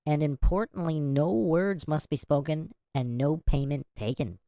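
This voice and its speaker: A woman hosting a podcast, reading passages aloud and stopping often for incredulous asides. Her voice sits low and sounds mellow and dark. The recording is dry, with no room sound. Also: unhurried, few pauses, no room sound. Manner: reads passages and breaks off to react with incredulous asides. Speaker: podcast host. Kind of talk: casual commentary and reading aloud.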